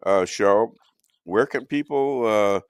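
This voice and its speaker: An older man hosting a talk show, hoarse from losing his voice, rambling and joking between filler pauses. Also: on the low side, dry recording, studio quality. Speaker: show host. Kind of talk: casual talk show chat.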